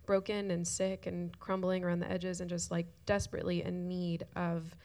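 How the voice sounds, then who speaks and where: A woman's voice: lowish voice, monotone, moderate pace, darkish tone. A woman speaking earnestly in a shared church talk, tearful at times. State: crying at times.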